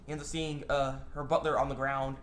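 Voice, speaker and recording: A man casually recapping an anime episode, rambling and excitable, full of fillers and restarts. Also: mid-range voice, a little fast, a little hiss or hum. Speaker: anime reviewer.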